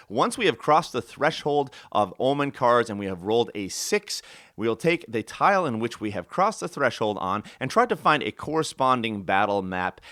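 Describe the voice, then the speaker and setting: A man's voice: mid-range voice, no room sound, clean studio sound. A man hosting a board game video, explaining the rules in an upbeat way and then narrating a solo game. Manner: upbeat and explanatory, lively intonation. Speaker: host and solo game runner.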